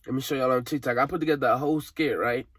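Young dude from venting, teary, cussing, rambling, mid voice, dry sound. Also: male voice, medium pitch, steady tone, very fast, a bit bright, husky, no echo. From Alabama, USA. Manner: frustrated, rambling, profane, slangy. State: tearful. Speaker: vlogger. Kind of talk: emotional vent to camera.

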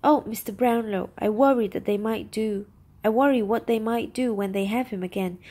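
A woman's voice: fairly high pitch, normal speed, warm tone, natural voice. A woman reading as a nervous young thief. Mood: pleading.

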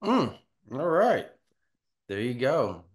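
A man's voice: mid-range voice, very animated, takes it slowly. A man hosting a sports podcast in an upbeat, chatty way. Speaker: podcast host. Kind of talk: casual sports podcast chat.

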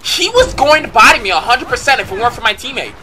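A man giving live gameplay commentary, excitable and profane, muttering one moment and shouting the next. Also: extremely high pitch, fast, crowd noise.

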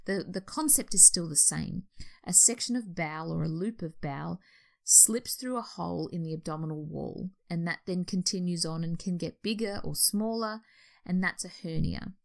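Gravelly low-voiced Australian woman explaining. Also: moderate pace. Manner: explanatory, with restarts and self-corrections. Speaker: stoma nurse educator. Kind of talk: informal educational talk.

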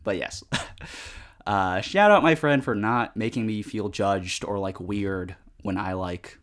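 A man's voice: fairly low pitch, measured pace, a bit bright. Young man rambling over gameplay. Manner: rambling, filler-heavy, swears at the game. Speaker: gaming vlogger. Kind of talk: casual chat over gameplay.

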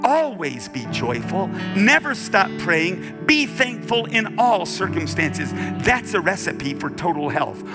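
High-voiced man preaching over keyboard. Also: very animated, slow, hardly any pauses. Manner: preaching, rising to shouts and half-singing. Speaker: pastor. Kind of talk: sermon. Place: church sanctuary with keyboard accompaniment. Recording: live church service with music behind. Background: keyboard music.

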